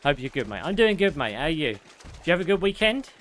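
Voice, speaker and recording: A man's voice: a little high, sing-song, fast, background noise. A young man streaming a game, swearing freely as he rants and chats with viewers. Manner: profane, ranting, chatting with viewers. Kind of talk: live gameplay commentary.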